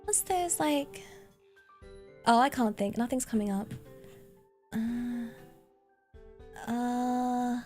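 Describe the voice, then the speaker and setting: Woman, streamer, casual chat, giggly, unhurried, thinks aloud. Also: fairly high pitch, warm tone, soft background music. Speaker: VTuber streamer. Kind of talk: casual livestream chat, reading donations.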